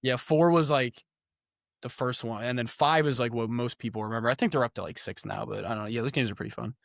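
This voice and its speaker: A man's voice: medium pitch, fast, vocal fry, dry recording, studio quality. Slangy young man in casual podcast chat. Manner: slangy, animated gamer talk. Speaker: podcast co-host.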